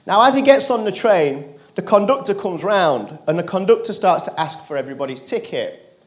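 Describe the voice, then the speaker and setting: A man giving a motivational keynote, telling a personal story to a live audience and turning quiet in the emotional moments. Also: high voice, sing-song, normal speed. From England. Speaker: motivational speaker. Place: conference stage.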